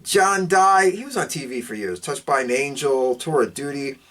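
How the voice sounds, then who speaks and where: A man hosting a podcast, recapping a film plot in a casual, rambling way and swinging his voice up and down as he talks. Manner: excitable, rambling, jumps up and down in pitch; fast, loose delivery with fillers. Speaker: podcast host reviewing a film.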